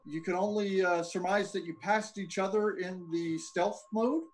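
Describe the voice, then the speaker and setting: A man's voice: high voice, moderate pace, a little hiss or hum, poor audio. Guy dm narrating a tabletop game, easygoing, lots of uhs. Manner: relaxed, thinking aloud with fillers. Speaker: game master.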